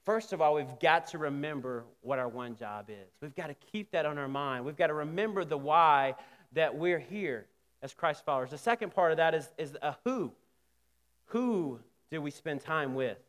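High-voiced guy preaching, chatty, restarts a lot, big echoey church sound. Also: lively intonation, moderate pace, fairly bright tone. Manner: conversational preaching with emphatic rises and hesitant restarts. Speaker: pastor. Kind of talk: sermon.

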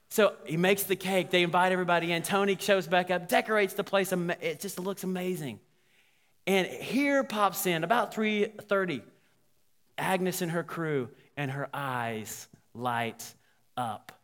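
A man, a pastor, telling a story in a sermon, animated and voicing the people in it. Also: high voice, moderate pace. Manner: animated, quoting characters. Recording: long hall reverb.

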